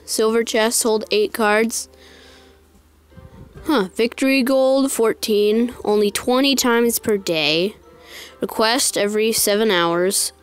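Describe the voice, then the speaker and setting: A woman's voice: fairly high pitch, takes it slowly, clean tone, soft background music. A woman giving casual gameplay commentary, exasperated and repeating her complaints aloud.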